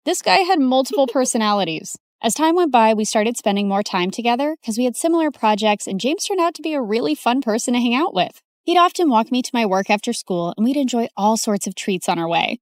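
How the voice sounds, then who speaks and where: A woman narrating an animated story in first person, expressive and dramatic. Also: fairly high pitch, a little fast, few pauses, no room sound, studio quality.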